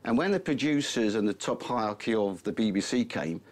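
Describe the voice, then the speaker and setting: A man's voice: fairly low pitch, lively intonation, a little fast, darkish tone. A man, an actor guest, answering casually and acting out quoted voices. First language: Turkish. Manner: easygoing, acts out quoted voices. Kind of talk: interview answers.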